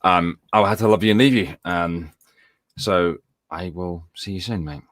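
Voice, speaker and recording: Polite low-voiced man signing off. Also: fairly bright tone, no echo. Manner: polite, quick sign-off. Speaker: guest streamer. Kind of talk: casual chat.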